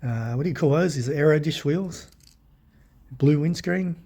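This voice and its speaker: A middle-aged Australian man with a croaky voice, rambling in a casual collector's vlog, clearing his throat often. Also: a little high, normal speed, warm tone. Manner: rambling, friendly, many ums and uhs, throat clearing. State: hoarse, croaky from illness. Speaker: diecast collector vlogger. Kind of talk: casual show-and-tell vlog.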